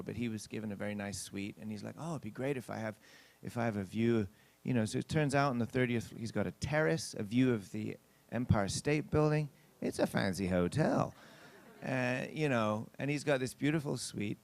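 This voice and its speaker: A man's voice: medium pitch, vocal fry, no echo. A male pastor telling a story in a sermon, chatting with the congregation and acting out what people said. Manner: chatty anecdotal telling with acted-out quotes; addresses the congregation directly.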